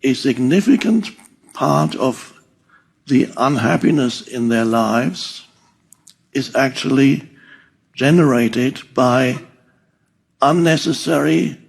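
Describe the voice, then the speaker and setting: Slow, gravelly older man teaching. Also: medium pitch. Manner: slow and deliberate, with soft chuckles. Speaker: spiritual teacher. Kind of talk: reflective spiritual talk.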